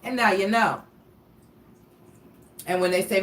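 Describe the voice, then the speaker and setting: A woman's voice: medium pitch, lively intonation, measured pace. A woman giving a casual tarot and astrology reading, chatty and blunt, drifting into asides and swearing. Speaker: tarot reader. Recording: roomy, somewhat distant mic with faint ambience.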